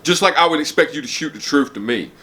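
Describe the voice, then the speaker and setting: A forty-something man vlogging from a room in his house, preaching hard truths in a blunt, profane rant. His voice is tense and forceful, and he keeps stopping to apologize before he gets worked up again. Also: fairly high pitch, expressive, fast. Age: 40s. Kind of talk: blunt unscripted rant to camera. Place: home, downstairs room.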